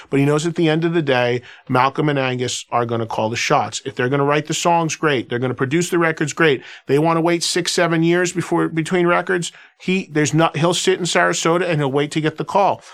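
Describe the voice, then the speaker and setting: A male radio host with a voice pitched a touch above the usual for men. He tells stories in a loose, chatty manner, circling back and restarting sentences with plenty of casual fillers. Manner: animated anecdotal telling, filler-heavy with restarts. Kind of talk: casual conversational storytelling.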